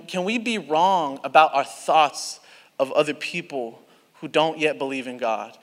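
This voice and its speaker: A young man with a notably high voice preaching a sermon to a youth crowd. He tells stories animatedly, restarting and adding asides as he goes. His voice rings out in a reverberant hall. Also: fairly bright tone.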